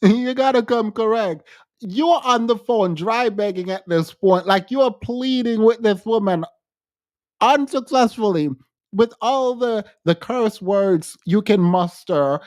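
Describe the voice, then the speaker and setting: A man's voice: high voice, measured pace, darkish tone, no room sound, studio quality. Mocking, laughing male podcast co-host. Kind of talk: casual commentary.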